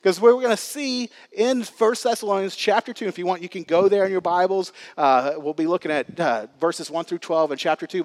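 A man in his thirties preaches in a church with a light, high voice. He talks like he's chatting with friends, full of fillers and easy storytelling. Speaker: pastor. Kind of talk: sermon.

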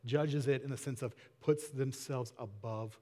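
A man's voice: mid-range voice, fairly even intonation, a little slow, dark tone. A man preaching a casual, conversational sermon, asking rhetorical questions with small laughs. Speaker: pastor. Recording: long hall reverb.

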